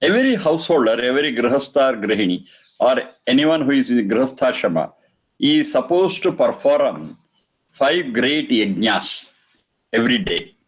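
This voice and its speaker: A man giving a religious lecture, reciting verses and explaining them slowly. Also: medium pitch, very animated, low-quality recording. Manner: slow, repeats Sanskrit phrases and explains them. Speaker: Vedic teacher.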